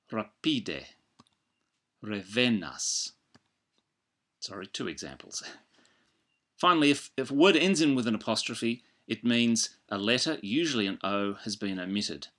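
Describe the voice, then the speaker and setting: A man giving a patient pronunciation lesson, slowing down to spell out each sound and example word. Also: on the low side, a bit bright. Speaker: language teacher. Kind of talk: instructional narration.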